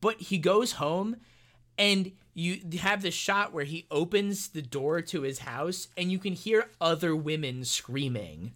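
A man with a bright, crisp tone in a loose movie-review conversation. He rambles along, stumbling over restarts and fillers as he pieces together his thoughts on the plot. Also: fairly high pitch. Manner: rambling, halting, many restarts and fillers, laughs easily. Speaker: podcast co-host. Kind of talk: casual movie review chat.

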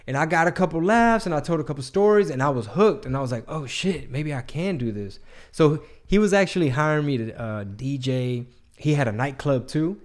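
A man hosting a casual interview, asking follow-up questions and telling his own stories in an easygoing way. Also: fairly high pitch. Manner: relaxed storyteller, asks follow-up questions.

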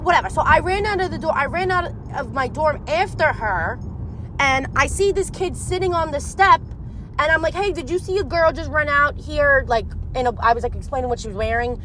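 A young adult woman telling a personal story in a casual, animated way, rambling and swearing often. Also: sits high, brisk, a little hiss or hum.

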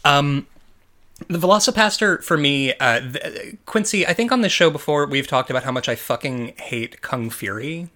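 A man's voice: on the high side, animated, normal speed, sharp tone. A man co-hosting a podcast, talking casually about movies in a rambling way, with lots of fillers and restarts. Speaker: podcast co-host.

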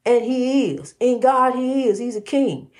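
Woman, preachy, repetitive, swooping pitch, impassioned motivational talk. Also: expressive, unhurried, a little mellow. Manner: preachy, repeats phrases, calls listener honey. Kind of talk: impassioned faith-based pep talk.

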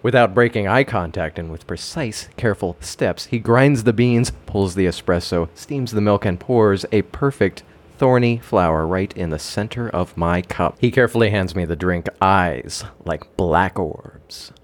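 A man narrating a dramatic first-person story in a theatrical, expressive way. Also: fairly low pitch, normal speed, hardly any pauses.

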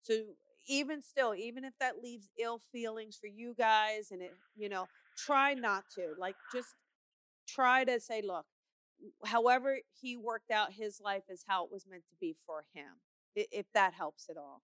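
A woman's voice: a little high, measured pace, fairly bright tone, clear, resonant tone, no echo. A middle-aged woman hosting a call-in show as a psychic medium, reassuring callers and calling them honey. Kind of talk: call-in radio show reading.

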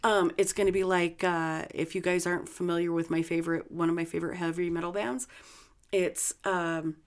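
A woman's voice: on the low side, level tone, fairly quick. A woman co-hosting a podcast in casual, profane chat, tripping over words and laughing them off. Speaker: podcast co-host.

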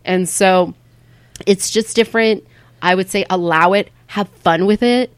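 A woman's voice: medium pitch, measured pace, smooth, no room sound. Frank, rambling woman comedian. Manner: frank and rambling, acts out quoted voices; swears casually. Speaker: stand-up comedian, guest. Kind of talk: candid conversational interview.

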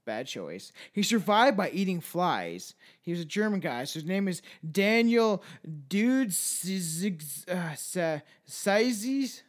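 High, lively-voiced man swearing casually. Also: takes it slowly, hardly any pauses. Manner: profane, loose and joking, stumbles over names. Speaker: podcast host. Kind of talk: casual chat, reading out news stories.

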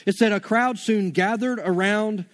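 A high-voiced man delivers a sermon in an easygoing, conversational manner. He drops slang into his teaching and talks to the room like friends. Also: measured pace. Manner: casual, conversational preaching with slang. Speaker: preacher.

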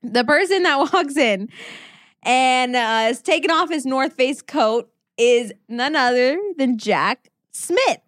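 A woman's voice: high-pitched, slow pace, no room sound. Dry-sounding woman chatting about a book. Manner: animated retelling, acts out characters' lines. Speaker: podcast co-host. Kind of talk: casual book chat.

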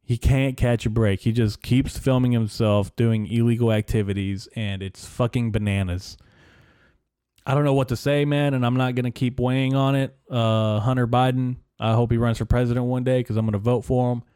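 This is a casual solo podcast rant: a young male host, close on a studio mic, rambles sarcastically and swears. His mid-range voice is dark and clean, with fairly even intonation and a moderate pace, and there's no echo.

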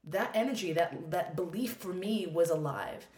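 Brief: woman guest, lowish voice, animated candid storytelling, swears freely, roomy echo. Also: moderate pace. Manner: expressive, swears freely, acts out quoted thoughts. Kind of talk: candid storytelling in a podcast conversation.

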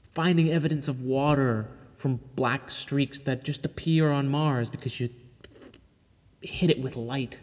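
A man's voice: medium pitch, warm tone, in a large hall. A man hosting his own podcast in an enthusiastic, loose, chatty way. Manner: enthusiastic, loose and chatty, with casual swearing and laughs. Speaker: podcast host. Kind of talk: casual solo podcast talk.

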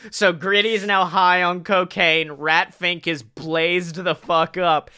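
Animated, bright-voiced man telling a wild pitch. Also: clear, resonant tone. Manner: animated, laughing storyteller, swearing freely. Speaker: podcast co-host. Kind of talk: casual comedic podcast chat.

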